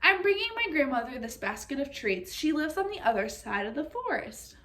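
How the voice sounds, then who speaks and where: A woman voicing a young girl in a red hood, cheerful and polite, her storybook voice pitched high and lifting. She speaks eagerly, with bright, open delivery. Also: sing-song, normal speed, a little hiss or hum. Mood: chirpy.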